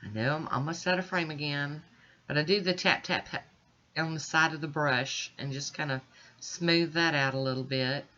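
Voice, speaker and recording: A woman's voice: low-pitched, normal speed, bright, forceful tone, muffled recording, a little hiss or hum. A woman with stuffy, congested sinuses, chatting reassuringly to viewers as she walks through a nail art tutorial at home. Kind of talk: casual step-by-step tutorial narration.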